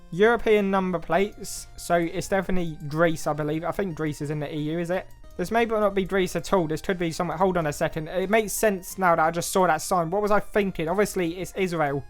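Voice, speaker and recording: A young man with an English accent giving casual, self-mocking game commentary, thinking aloud and second-guessing himself as he plays. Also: sits high. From England. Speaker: gaming YouTuber.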